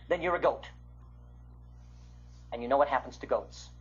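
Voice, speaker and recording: An older man from the Midwest giving an illustrated Bible lecture, with a husky voice that swings from loud to hushed. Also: medium pitch, normal speed. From American Midwest. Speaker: Bible teacher. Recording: muffled lo-fi recording.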